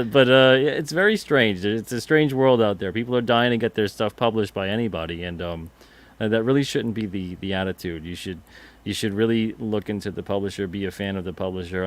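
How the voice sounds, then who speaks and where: A man co-hosting a casual livestream about comic publishing, chatty and getting animated when he vents. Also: lowish voice. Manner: chatty, gets animated and amused when venting.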